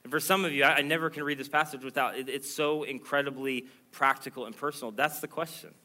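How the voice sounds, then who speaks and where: A pastor delivering a sermon, preaching in an earnest, emphatic way that swells louder and higher as he presses his points. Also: fairly even intonation, quick pace.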